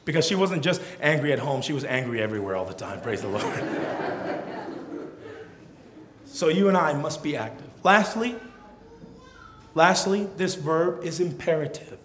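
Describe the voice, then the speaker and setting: A man preaching in a church, his voice pitched high for a man. He climbs to loud, emphatic peaks and then drops low and quiet. The sound rings around a roomy, echoey hall. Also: lively intonation, moderate pace, pauses often, slight background noise. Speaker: pastor. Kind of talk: sermon.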